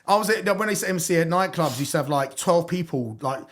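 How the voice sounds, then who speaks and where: A man's voice: a little high, expressive, quick pace, fairly bright tone. A man in his thirties telling stories from his life as a hardcore MC in a casual interview, swearing often and laughing through his tales. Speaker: hardcore MC and DJ, podcast guest.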